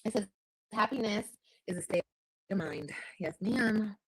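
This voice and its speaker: A woman's voice: mid-range voice, measured pace, slightly rough, rough recording. A woman vlogging casually from home, chatting to viewers and answering comments. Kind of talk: casual chat.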